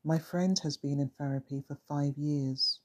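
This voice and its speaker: A storyteller voicing a frightened young woman who survived trauma, talking softly and pleadingly with sentences that trail away. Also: mid-range voice, steady tone, measured pace, slightly rough.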